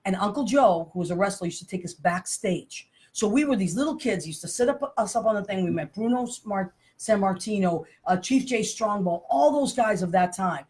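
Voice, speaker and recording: A middle-aged woman hosting a casual chat show, telling stories in an animated, laughing way. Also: medium pitch, moderate pace, hardly any pauses. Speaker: show host.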